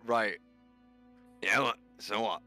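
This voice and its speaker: A man's voice: lowish voice, slow, pushed and bright, soft background music. A man playing a tabletop game on a stream, brash and swearing as he jokes with the table. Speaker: player. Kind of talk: casual tabletop game chat.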